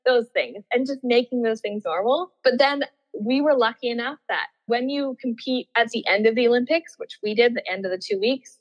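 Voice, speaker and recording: A woman recounts her experience at an easy, chatty pace, laughing often and putting on her past self's excited voice. The audio is dull and muffled, with a long reverb trailing behind her. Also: fairly high pitch, moderate pace. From Australia. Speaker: guest, former Olympian. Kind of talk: casual storytelling interview.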